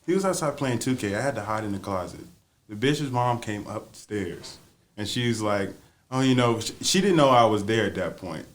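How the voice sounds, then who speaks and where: Animated man telling a wild story. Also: fairly low pitch, normal speed. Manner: animated storyteller, acts out quotes, laughs a lot. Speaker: podcast co-host. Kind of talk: casual storytelling chat.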